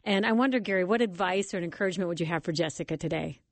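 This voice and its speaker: A woman's voice: lowish voice, racing, dry recording. A woman hosting a call-in radio talk show, encouraging and enthusiastic with her callers and guest. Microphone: studio microphone.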